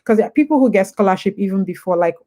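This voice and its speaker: A young woman with a Nigerian accent talks her way through a casual live-stream advice session. She is chatty and wanders off topic, then pulls herself back. Her voice sits at an everyday middle pitch. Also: expressive, rapid-fire, warm tone. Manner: chatty, digressive, jumps back and forth. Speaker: host.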